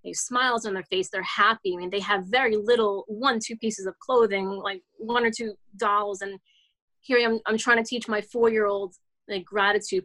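A children's author in her forties tells her story as an interview guest, casual and earnest, rambling with frequent restarts and "like" fillers. Her mid-range voice is steady and fairly bright at a moderate pace, though the recording is rough.

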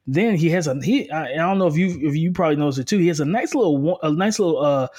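A man co-hosting a casual sports podcast, giving energetic, quick football breakdowns with frequent restarts. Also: fairly high pitch, slightly rough. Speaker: co-host, football analyst. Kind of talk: casual sports analysis chat.

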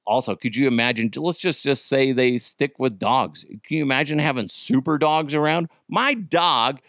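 A man's voice: mid-range voice, moderate pace, a bit bright, no room sound, clean studio sound. A man hosting a comedy podcast, chatting casually and rambling, with many restarts and asides. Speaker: podcast host.

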